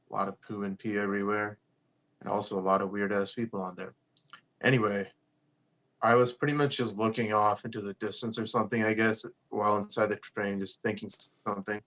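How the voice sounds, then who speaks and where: A young man with a low voice tells a story in a relaxed co-host chat. He speaks in a flat, even way, swears freely and acts out what people said to him. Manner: laid-back, swears casually, quotes people in his stories.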